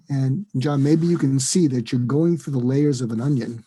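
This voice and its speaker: A man, a psychiatrist, giving advice in an interview, acting out lively example dialogues. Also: mid-range voice, moderate pace, few pauses, husky. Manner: animated, acts out dialogue in quoted voices. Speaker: psychiatrist and guest.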